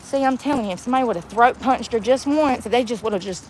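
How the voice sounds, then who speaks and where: A woman's voice: on the high side, fast talker, low-quality recording. A woman vlogging about being homeless, ranting bluntly with a mouthy, profane way of talking, outdoors and in a car. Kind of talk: ranting vlog. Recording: outdoor street and traffic noise.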